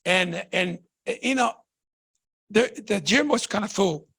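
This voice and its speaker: A man giving an excitable, repetitive sales pitch to an audience, calling them folks and guys. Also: slow, creaky, slightly rough. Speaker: business presenter.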